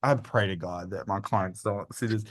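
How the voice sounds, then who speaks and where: A man's voice: lowish voice, normal speed. A young man, a real estate agent telling a story in an interview, acting out the dialogue and laughing now and then. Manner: animated storyteller, acts out quoted dialogue, laughs often. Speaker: real estate agent and coach, podcast guest.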